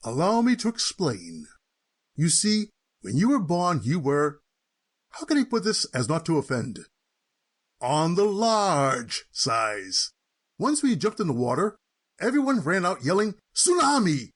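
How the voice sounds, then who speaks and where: A man's voice: on the high side, big pitch swings, measured pace, breathy edge, full character voice. A man voicing a stuffy, pompous male lawyer who reads a will in a formal, mock-polite way. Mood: solemn. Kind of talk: cartoon voice acting.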